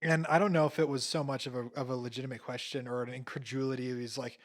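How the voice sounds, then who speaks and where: Mid-pitched man thinking aloud on a podcast. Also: level tone, fast. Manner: thinks aloud, restarting sentences and paraphrasing loosely. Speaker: podcast co-host. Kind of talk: casual religious discussion.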